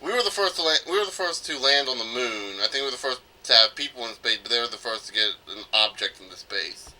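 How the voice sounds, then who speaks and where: A man's voice: medium pitch, expressive, fast, sharp tone, rough recording. A man from North Carolina hosting a let's play, rambling and thinking aloud as he comments on the game. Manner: rambling, thinking aloud with filler and self-corrections. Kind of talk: casual gameplay commentary.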